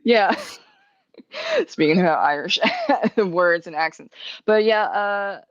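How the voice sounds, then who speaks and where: A woman's voice: mid-range voice, huge pitch swings, slow pace, dry recording. A woman hosting a podcast, chatting casually, laughing often and swearing freely. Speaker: podcast host. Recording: dry, dull lo-fi sound.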